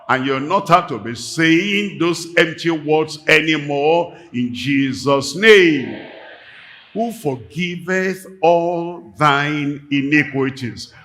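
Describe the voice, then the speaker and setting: An older pastor from Nigeria preaching a sermon, emphatic and repetitive, rising to fervent calls. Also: male voice, on the high side, expressive, takes it slowly, a bit bright.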